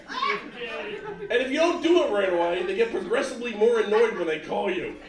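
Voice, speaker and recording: A man's voice: sits high, very animated, moderate pace, distant mic. A man in his fifties with a Philadelphia accent, telling jokes on a comedy club stage in a brash, punchy way. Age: 50s. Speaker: stand-up comedian. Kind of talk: stand-up comedy set. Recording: echoey club mic from afar, loud crowd.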